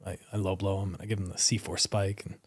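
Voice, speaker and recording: A man's voice: low-pitched, little pitch movement, fast, husky, no room sound. A man in his thirties, a wrestler as guest, telling stories in a casual studio interview and laughing often as he talks. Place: podcast studio.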